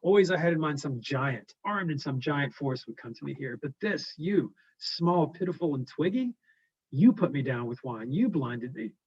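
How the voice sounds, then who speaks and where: A man's voice: on the high side, expressive, moderate pace, slightly rough. A man reading as a brooding blind giant Cyclops. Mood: mournful. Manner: loud, brooding and menacing. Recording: dull lo-fi recording.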